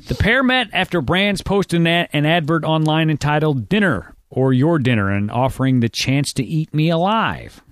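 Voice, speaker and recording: Man, casual podcast co-host, reads news aloud, cracks jokes, slightly high voice, very animated, dry close sound. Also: normal speed, few pauses, dry recording. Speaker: podcast co-host reading articles.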